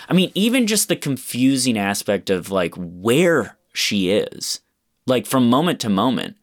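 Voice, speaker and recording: A man's voice: medium pitch, big pitch swings, unhurried. A man in casual chat, animatedly ranting about a movie with lots of swearing and acted-out quotes. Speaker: podcast co-host reviewing a film.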